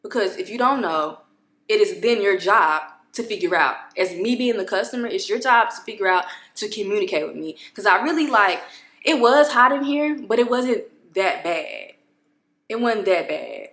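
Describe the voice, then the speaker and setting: A woman vlogger at home, telling a story to camera in an expressive, exasperated way, with many restarts. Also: mid-range voice, moderate pace, reverberant. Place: home apartment room.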